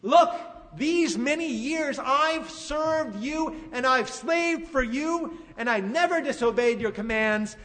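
A man voicing a resentful adult son who yells angry accusations at his father. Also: very high-pitched, expressive, takes it slowly, hardly any pauses, long reverb tail, pitched above the performer's own voice, heavily acted. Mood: angry accusing.

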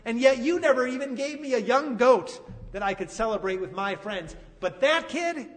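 A man voicing a resentful adult son who yells angry accusations at his father. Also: very high-pitched, expressive, moderate pace, long reverb tail. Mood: angry accusing.

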